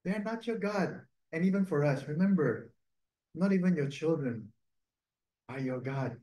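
A man's voice: a little high, lively intonation, measured pace, dark tone. A male priest with a Filipino English accent giving a conversational sermon, full of laughing asides and "no?" tag questions. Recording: echoey room.

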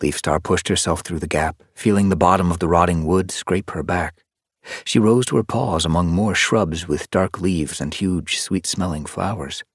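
A man narrating an animal adventure audiobook in an expressive, storytelling manner. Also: low voice, moderate pace, husky, no echo, studio quality. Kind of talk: scripted narration. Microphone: close studio mic.

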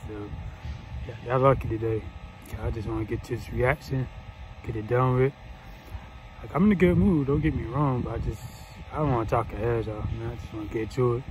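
A man hosting a casual reaction vlog at a medium pitch. He talks in a laid-back, slangy way and laughs often between thoughts. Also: fairly even intonation, fairly quick, a little hiss or hum, rough recording. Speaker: reaction channel host.

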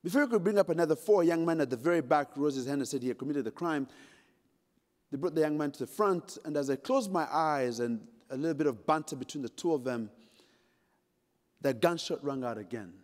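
A man's voice: fairly high pitch, expressive, brisk, darkish tone. A middle-aged man from Uganda giving a conference keynote, telling a dramatic story with jokes and speaking straight to the audience. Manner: dramatic, humorous, addresses the audience directly. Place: large conference hall. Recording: long hall reverb.

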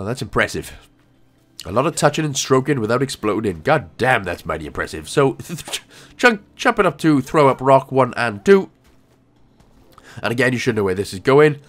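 A young Welsh man giving casual, rambling gameplay walkthrough commentary with jokey asides. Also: medium pitch. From Wales.

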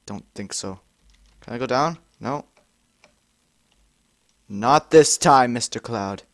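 A man's voice: medium pitch, slow, a bit bright, no echo, studio quality. Exasperated young man swearing at a game. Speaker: gamer. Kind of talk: frustrated let's-play commentary.

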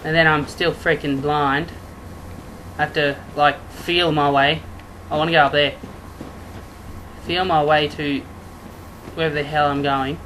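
A let's play gamer giving live commentary, yelping and shouting at the game, with sarcastic jokes to viewers. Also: mid-range voice, unhurried, pauses often, slight background noise, rough recording. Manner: excitable, yelps and shouts at the game; sarcastic, joking asides to viewers.

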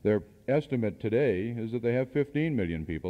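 A man's voice: mid-range voice, animated, fairly quick. A man addresses a seminar audience, pressing his points with rhetorical questions and the odd dry aside. The sound comes from worn cassette tape, muffled and lo-fi, with a long reverb trailing off the walls of a hall. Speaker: seminar speaker. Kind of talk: speech to an audience.

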